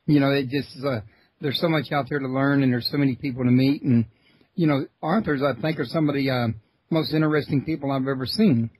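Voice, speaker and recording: A man's voice: medium pitch, fairly quick, breathy edge, dry recording, poor audio. Folksy male radio show host. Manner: folksy, relaxed, drawling. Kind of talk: casual interview talk.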